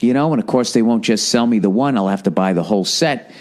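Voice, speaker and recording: A fast-talking man with a lowish, slightly mellow voice hosts his podcast solo. He rants in a meandering, sarcastic way and curses frequently.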